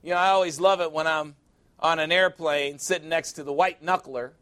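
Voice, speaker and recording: A man's voice: on the high side, steady tone, brisk, fairly bright tone. A man preaching a sermon in a conversational way, with jokes and emphatic asides.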